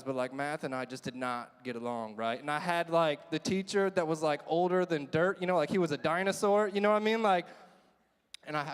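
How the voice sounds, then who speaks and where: A young man giving a comedic motivational speech, telling stories in an animated way full of "like" and "you know" and acting out the scenes. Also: a little high, clean tone. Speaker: motivational speaker. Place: large conference hall stage. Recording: long reverb of a large hall.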